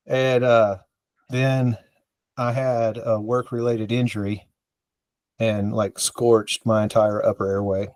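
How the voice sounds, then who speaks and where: A man's voice: on the low side, a little mellow, dry recording. A man from the American South, a podcast co-host, telling a rambling, self-mocking story in casual chat and acting out the dialogue.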